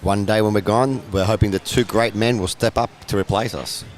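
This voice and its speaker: A man's voice: fairly low pitch, fairly even intonation, a little fast, a little hiss or hum. A man commentating live on a pool match, chatty and explaining the play to viewers.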